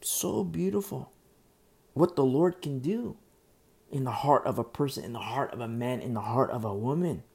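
A male pastor preaching a sermon in a dark, mellow voice with a gravelly fry. He repeats phrases for emphasis and often stumbles and restarts mid-sentence. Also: medium pitch, moderate pace. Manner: repetitive, emphatic, with frequent restarts.

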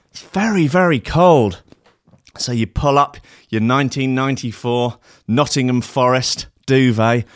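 A man spins a silly ghost story slowly and theatrically, lingering on each line for comic effect. His voice sits at an ordinary middle pitch, and the recording sounds close and dry. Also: no room sound. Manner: playful, theatrical, absurd.

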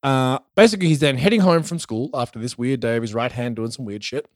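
A man's voice: medium pitch, quick pace, no echo, studio quality. A man from Australia casually recapping a show as podcast co-host, telling it with energy and swearing. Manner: animated storytelling with swearing.

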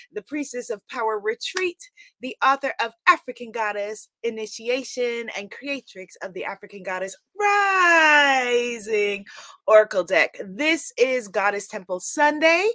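A middle-aged woman from Guyana hosting a weekly live stream, loud and exuberant, greeting viewers by name. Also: high-pitched, no room sound. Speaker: livestream host.

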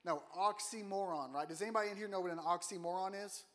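A guest preacher with a high, somewhat bright voice speaks at a quick pace in a church auditorium. His sermon is casual and joking, and he often puts questions to the congregation.

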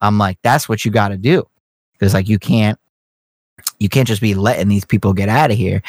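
A man's voice: fairly low pitch, moderate pace, no room sound. A young man telling a long, profane story in casual podcast chat. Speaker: podcast co-host.

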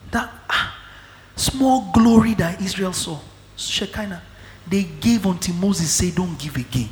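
A male preacher delivering a sermon, dropping to low murmurs and then breaking into shouts. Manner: fiery, swings between low murmurs and shouting. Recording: echoey hall.

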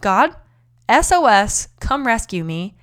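Woman, young adult, podcast host, faith-based pep talk, preacher-like emphasis, smooth clear voice. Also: on the high side, very animated, takes it slowly, fairly bright tone. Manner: upbeat, chatty, preacher-like emphasis.

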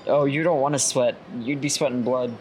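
A man running a tabletop role-playing game as its storyteller, narrating in a measured, relaxed way with light jokes. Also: medium pitch, very noisy.

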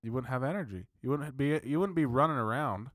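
A man's voice: mid-range voice, fairly quick, no echo, clean studio sound. A man co-hosting a podcast, talking in an emphatic, argumentative way and swearing freely. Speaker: podcast co-host. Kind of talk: casual chat.

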